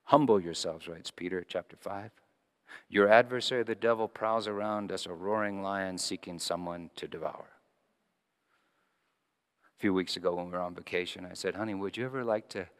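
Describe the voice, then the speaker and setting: A male pastor preaching a sermon, telling stories and moving between hushed, quiet passages and lively, raised ones. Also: deep voice, moderate pace, long pauses, long reverb tail. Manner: storytelling, shifting between hushed and animated.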